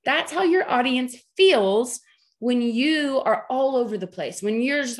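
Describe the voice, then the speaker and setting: Woman, 30s, higher-pitched voice, chatty, jokey, emphatic, team trainer, video call. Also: expressive, a little slow. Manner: chatty, joking and emphatic, with many "okay?" check-ins. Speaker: team leader training her sales team.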